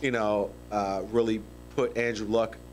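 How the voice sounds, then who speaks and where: A man's voice: fairly low pitch, flat delivery, unhurried, a little mellow, slight background noise. A man hosting a sports radio talk show, chatting casually with his cohosts about football. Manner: laid-back, talks over cohosts.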